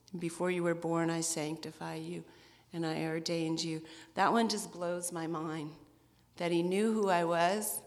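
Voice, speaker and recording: A middle-aged woman who leads a women's ministry, giving a candid, self-deprecating personal testimony. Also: fairly low pitch. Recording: echoey hall.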